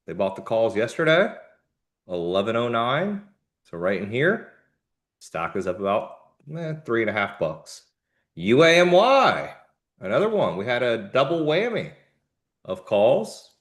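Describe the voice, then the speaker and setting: Lively, animated male trading host. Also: mid-range voice, measured pace. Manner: animated, jumpy delivery with sudden emphatic bursts; casual slangy asides. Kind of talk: live market commentary.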